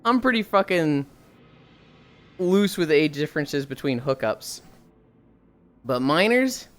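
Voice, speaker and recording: Blunt, swearing streamer with smooth voice. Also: mid-range voice, very animated, slow pace. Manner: blunt, swears freely, frequent sighs. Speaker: livestreamer. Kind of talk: casual chat, reading viewer messages aloud.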